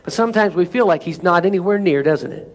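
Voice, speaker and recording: A man's voice: high-pitched, lively intonation, quick pace. A man preaching a sermon as pastor, asking the room for amens and reading scripture with rising intensity. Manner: preaching with call-and-response asides.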